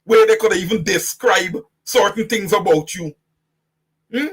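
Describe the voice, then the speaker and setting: Fiery husky Guyanese man, high-pitched. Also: measured pace. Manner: preachy, fiery, direct address to audience. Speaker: host. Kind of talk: impassioned political commentary.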